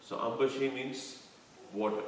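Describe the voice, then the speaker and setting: Male scripture teacher, measured explaining style, echoey room with faint background noise. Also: mid-range voice, fairly even intonation. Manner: explains terms slowly, quizzes listeners. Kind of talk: devotional scripture lecture. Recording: echoey room, mic far off.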